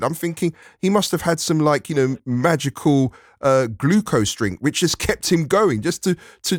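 A man's voice: a little high, dry recording. Casual male radio host, dry studio sound. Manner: friendly, casual, a few hesitations. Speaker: radio presenter. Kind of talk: radio phone-in hosting.

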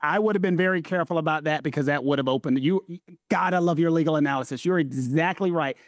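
A man's voice: a little high, quick pace, no echo, studio quality. A man with a Southern US accent, talking through legal points as a co-host, emphatic and fond of repeating his phrases. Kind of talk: casual legal discussion.

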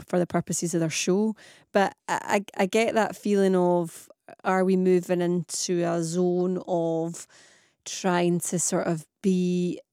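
A woman's voice: fairly low pitch, gravelly, mellow, dry recording, clean studio sound. Scottish woman hosting a radio phone-in. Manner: chatty, reads listener messages aloud. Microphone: studio microphone.

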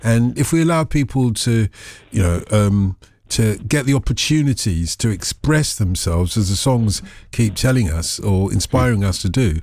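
A man's voice: on the low side, expressive, normal speed, few pauses, a little mellow, no echo. A man with a Birmingham accent hosting a radio phone-in, joking with his guest and chatting with callers. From England. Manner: playful, jokey, takes calls. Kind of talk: casual radio chat.

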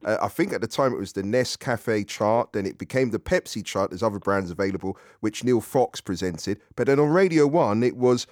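A man's voice: fairly low pitch, animated, brisk, few pauses, darkish tone, no echo. Chatty male radio presenter, dry studio sound. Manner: friendly, chatty, with fillers. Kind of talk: radio phone-in chat.

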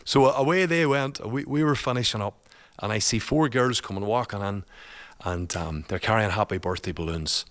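A man's voice: fairly low pitch, moderate pace, fairly bright tone. A man, a guest and father, telling a personal story in a chatty, colloquial way, laughing often.

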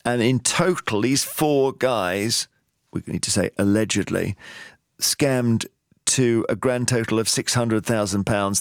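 A man hosting a radio show, chatting briskly with dry little asides. His voice sits at an ordinary middle pitch. It is recorded close on a studio mic with no room sound at all. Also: no echo. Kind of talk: casual radio phone-in chat.

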